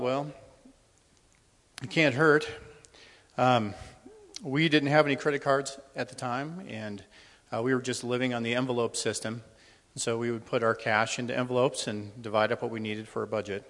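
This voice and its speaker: A middle-aged man sharing a personal testimony with a congregation in a church, speaking conversationally and a little nervously. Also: medium pitch. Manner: conversational and a little nervous, with many ums and restarts. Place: church hall. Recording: long hall reverb.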